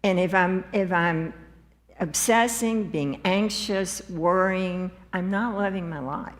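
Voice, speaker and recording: A woman in the congregation shares her own story, speaking slowly and earnestly. Her voice sits low for a woman. A long reverb from the church space hangs on her words. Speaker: congregation member sharing. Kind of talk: personal testimony. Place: church sanctuary.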